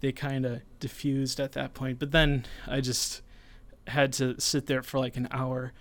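A man in his twenties casually telling a personal story, animated and acting out the people in it. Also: mid-range voice, measured pace. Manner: animated, voices others in retelling. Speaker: storyteller guest.

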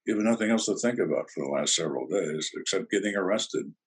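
A gravelly-toned older man with a deep, husky voice tells cop stories in an interview. His delivery is dry and deadpan, and he acts out both sides of the conversations. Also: quick pace, hardly any pauses. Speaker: retired detective guest. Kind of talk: storytelling interview answers.

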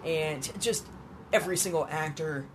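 A man's voice: fairly high pitch, normal speed, noisy background. Male podcast co-host, casual, laughs a lot, a bit worn out. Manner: enthusiastic, laughs often while talking. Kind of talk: casual chat.

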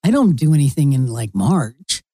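A woman's voice: a bass voice, sing-song, normal speed, dark tone, slightly rough, no room sound. A middle-aged woman hosting her own podcast, telling rambling, blunt and sometimes profane stories in a casual monologue. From Florida resident. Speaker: podcast host.

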